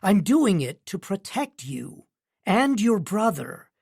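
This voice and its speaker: A man's voice: high-pitched, sing-song, slow, creaky, darkish tone, husky, dry recording, clean studio sound, voice pushed up, full character voice. A man reading an audiobook, voicing a volatile businessman father who bellows and then wheedles. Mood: wheedling. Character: volatile middle-aged male tycoon father. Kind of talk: audiobook narration.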